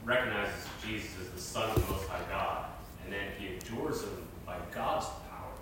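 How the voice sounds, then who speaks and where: A man in a class asks the teacher a question in a low, hesitant voice. He sits far from the mic, and his voice carries a heavy room echo over clear background noise. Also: normal speed. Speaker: class member asking a question. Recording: distant, echoey and noisy.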